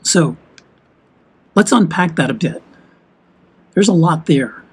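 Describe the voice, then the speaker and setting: A man's voice: a little high, lively intonation, takes it slowly, noisy background. A man from the United States talking heatedly and emphatically in a walk-and-talk vlog. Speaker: vlogger.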